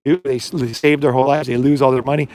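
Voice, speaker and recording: A man's voice: medium pitch, flat delivery, fast talker, darkish tone. A middle-aged man hosting a podcast, talking in a rambling casual monologue full of fillers and acted-out quotes. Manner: rambling, filler-heavy, acts out quoted dialogue. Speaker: podcast host and life coach.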